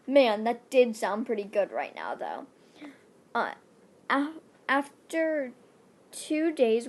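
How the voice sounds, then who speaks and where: Young woman, high voice, playful, giggly asides, reading her fanfiction. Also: darkish tone. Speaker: fanfiction reader. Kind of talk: reading own fanfiction aloud.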